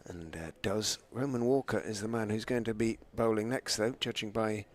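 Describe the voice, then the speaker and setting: A man giving live cricket commentary, chatty between balls and excitable when a chance goes down. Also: on the low side, moderate pace.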